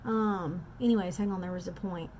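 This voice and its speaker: A woman's voice: on the low side, steady tone, normal speed, darkish tone, a little hiss or hum. A woman, chatting casually and self-deprecatingly to viewers while doing a makeup tutorial at home. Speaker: makeup artist.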